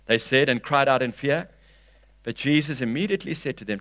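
A man preaching a sermon, reading scripture aloud with expression and swinging from loud, emphatic lines to hushed ones. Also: mid-range voice, a little fast, no echo.

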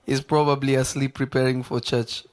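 A preacher delivering a live sermon in an animated manner, laughing often and throwing questions to the congregation. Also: male voice, medium pitch, normal speed.

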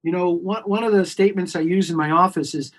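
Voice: mid-range voice, fast talker. Earnest clinician explaining with emphasis. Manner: earnest, emphatic, repeats key points. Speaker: clinician guest. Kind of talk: expert explaining on a podcast interview.

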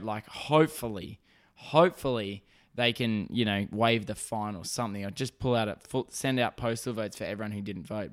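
A man's voice: mid-range voice, a bit bright. An Australian man hosting a solo podcast, ranting and rambling with constant swearing. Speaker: podcast host.

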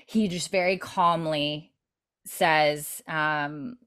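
A woman's voice: low voice, steady tone, drawn-out words, fairly bright tone, clean tone. A woman in casual chat, retelling a TV episode in detail, peppering her speech with "like" and casual swearing. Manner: chatty, heavy use of "like", swears casually. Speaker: podcast co-host recapping a TV episode.

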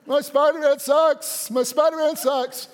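A man's voice: fairly even intonation, a little slow. A man putting on the voice of a whining three-year-old boy calling for his father at bedtime. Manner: high, pleading whine. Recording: reverberant church hall.

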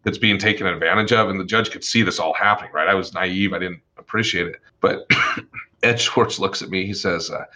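A man who works as an attorney, telling stories from his career in a casual, animated way, swearing freely and acting out the people he quotes. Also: deep voice, fairly quick. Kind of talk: casual storytelling chat.

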